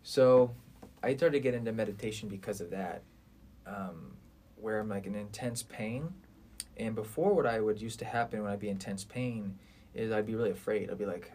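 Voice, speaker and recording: A man in his twenties with a fairly low voice talks earnestly in a casual podcast chat. He rambles from thought to thought and swears freely. A faint hiss of noise sits under the recording. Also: a little fast, a little mellow.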